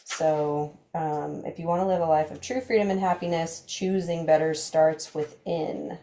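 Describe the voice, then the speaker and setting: A woman's voice: deep voice, steady tone, measured pace, dark tone. A woman hosting a book club discussion, reading passages aloud and musing thoughtfully with frequent fillers. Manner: thoughtful, trails off mid-sentence with fillers.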